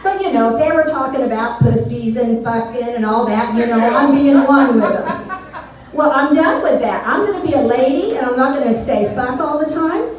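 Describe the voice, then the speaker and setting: A middle-aged woman telling rambling, candid stand-up stories with a fairly high voice. She often laughs at her own jokes. The sound is very echoey and picked up from a distance, as if from the back of a small club. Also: moderate pace, a crowd in the background. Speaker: stand-up comedian. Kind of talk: off-the-cuff stand-up storytelling. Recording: echoey room, voice from far off.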